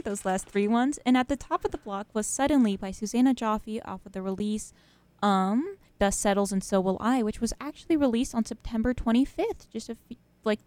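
A young woman chats loosely between songs on a college radio show, full of fillers and easy laughs. Her voice is smooth and resonant. The studio sound is dry and close. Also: medium pitch, darkish tone, no echo. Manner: chatty, rambling, laughs often, many fillers.

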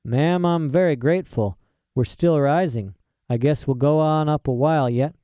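A man's voice: a little high, moderate pace, dark tone, no room sound, studio quality, natural voice. A man doing a courteous drawling balloonist. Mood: polite. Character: polite easygoing male balloonist.

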